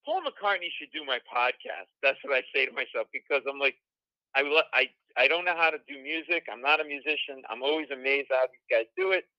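A man from Rhode Island, a comedian guest, telling an animated story with acted-out quotes on a talk show. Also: medium pitch, quick pace, no echo, muffled recording. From Rhode Island, USA.

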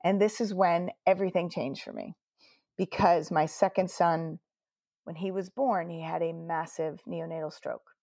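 A woman's voice: fairly low pitch, fairly even intonation, moderate pace, creaky, warm tone, no room sound, clean studio sound. A woman, a nurse telling her story earnestly in an interview, quoting her own words along the way. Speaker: guest nurse.

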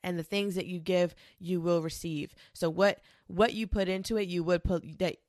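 A woman's voice: on the low side, fairly even intonation, moderate pace, darkish tone, no echo, clean studio sound. Sassy young woman rambling on her podcast. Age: 20s. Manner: rambling, profane, sassy, with many fillers. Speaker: podcast host. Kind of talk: casual solo podcast monologue.

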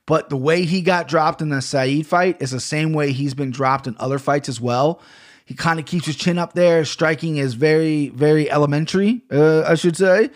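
A man's voice: a little high, moderate pace. A man hosting a casual podcast, talking bluntly and with plenty of swearing as he rambles through a fight recap from a home studio mic. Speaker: podcast host. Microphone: studio microphone.

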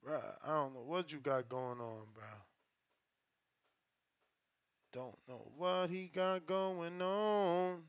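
Smooth high-voiced slangy host. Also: male voice, steady tone, slow, no echo. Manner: slangy, profane, joking banter. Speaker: show host. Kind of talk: casual live-stream call-in show.

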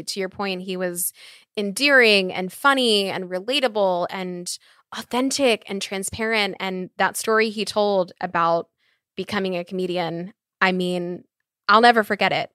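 A woman hosts a podcast and gushes with effusive praise in easy chat. Her voice is bright and forceful. The sound is dry and close. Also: mid-range voice, measured pace, smooth, no echo. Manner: gushing, effusive. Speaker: podcast host.

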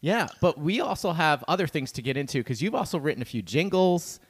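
A man's voice: fairly high pitch, big pitch swings. A man hosting a podcast, chatting casually and asking his guest questions. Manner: fast, chatty, self-deprecating. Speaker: podcast host.

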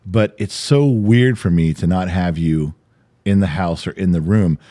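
A man's voice: deep voice, a little slow, mellow. An older man co-hosting a podcast in casual chat, ranting and swearing freely. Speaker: podcast co-host.

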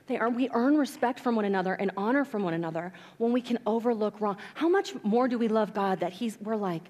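A woman pastor preaching a sermon in a church, telling stories and acting out quotes with animated delivery. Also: mid-range voice, fairly quick, few pauses. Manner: animated storytelling, acts out quotes. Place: church sanctuary. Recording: long reverb of a church hall.

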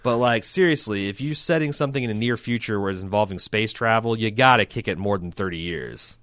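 A man in casual podcast chat, animated and cursing, who slips into high mocking voices when he quotes people. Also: a little fast, no room sound, studio quality.

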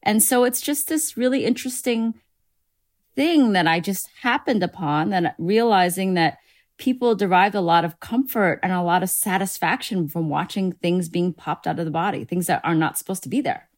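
A woman's voice: lowish voice, moderate pace. A woman dermatologist, a guest in an interview, explaining her work in a lighthearted, chatty way. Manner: lighthearted, explanatory, with casual fillers. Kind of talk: conversational interview.

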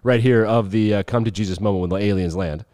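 A man's voice: fairly low pitch, quick pace, darkish tone, smooth, no echo, studio quality. A young man co-hosting a podcast, telling stories in a rambling, casual way and laughing often. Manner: rambling storyteller, laughs often, acts out quotes. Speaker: podcast co-host. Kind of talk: casual chat.

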